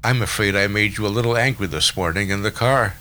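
A man's voice: on the low side, fast, pushed and bright. A man voicing a charming, courteous wealthy young man who speaks in an assuring way in a storybook reading.

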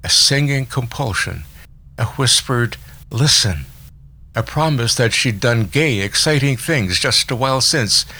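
Male narrator for a literary audiobook, measured, expressive, bright tone, mid pitch.

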